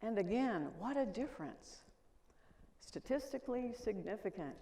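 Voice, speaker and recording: A woman's voice: mid-range voice, expressive, moderate pace, warm tone, slight background noise. An older woman giving a conference keynote, telling stories and asking the audience questions. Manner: storytelling, asks the audience questions. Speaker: conference speaker. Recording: reverberant lecture hall.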